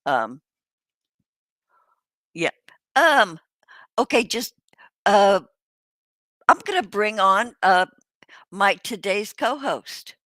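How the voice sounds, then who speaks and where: An older woman hosting a casual livestream chat, rambling and halting with many fillers, restarts and the odd swear word. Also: mid-range voice, sing-song, a bit bright, no room sound. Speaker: host.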